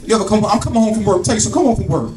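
A middle-aged man doing a stand-up comedy set on a club stage, loud and profane, acting out scenes from home. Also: high voice, very fast, distant mic, crowd noise. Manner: loud, animated, profane, acts out family bits.

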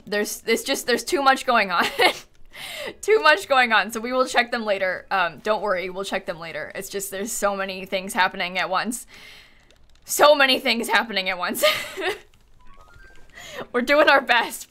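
A woman's voice: fairly high pitch, bright, forceful tone. A woman chatting casually on a live gaming stream, giggling often and thanking viewers as she plays.

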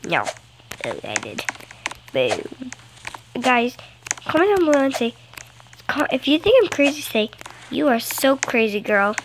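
Girl, high lively voice, gravelly edges, chatty game commentary, noisy phone recording. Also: unhurried, long pauses. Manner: playful and chatty, gasps and sings in bursts. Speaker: gameplay vlogger. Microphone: phone screen recorder.

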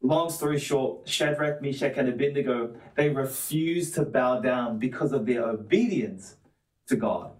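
A man preaching a sermon in an earnest, steady way, stacking up repeated phrases to drive each point home. His voice sits at an ordinary middle pitch. It sounds roomy and a little far from the mic. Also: measured pace. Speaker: pastor. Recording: roomy echo, mic at a distance.

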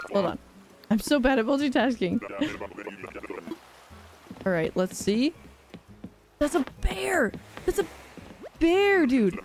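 A young woman live-streaming a game, chatting casually in a bubbly, giggly, rambling way and reacting to chat. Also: mid-range voice.

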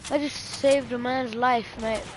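A woman giving gameplay commentary, full of profane, excitable trash talk. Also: fairly high pitch, measured pace. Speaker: gamer. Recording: noisy game audio behind. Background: game sounds and gunfire.

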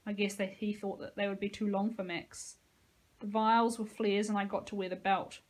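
A woman, a teacher, reading a novel aloud with expressive, dramatic storytelling. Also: mid-range voice, normal speed, rough recording.

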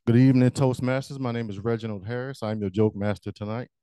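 A man's voice: medium pitch, fairly even intonation, quick pace, mellow, clear, resonant tone, no echo. A man giving a short, humorous storytelling speech as joke master at a speaking club meeting.

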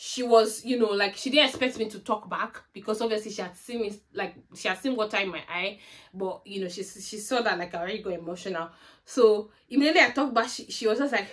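Speaking fast in a medium-pitched voice, this vlogger from Nigeria shares a personal tale for a storytime video, with a Nigerian accent. She performs the remembered conversations with lively, animated storytelling.

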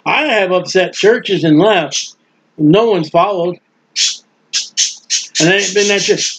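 A man preaching a sermon in a folksy, emphatic way, drawling key words slowly and acting out the people he quotes. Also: sits high, slightly rough. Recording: dull lo-fi sound.

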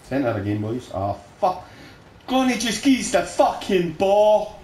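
A man swearing and shouting at opponents while playing a game with a friend. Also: high-pitched, huge pitch swings, unhurried. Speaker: gamer recording his play. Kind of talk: casual gaming chat with a friend. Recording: roomy sound with faint noise.

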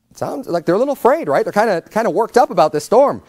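High-voiced man preaching a sermon. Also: animated, rapid-fire, hardly any pauses, darkish tone, no echo, studio quality. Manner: conversational, emphatic preaching with many repeated words. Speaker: pastor.

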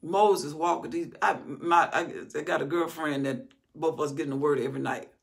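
A woman's voice: deep voice, steady tone, a little fast, creaky. A middle-aged woman teaching a Bible study, reading scripture aloud and then expounding on it with rising, emphatic force.

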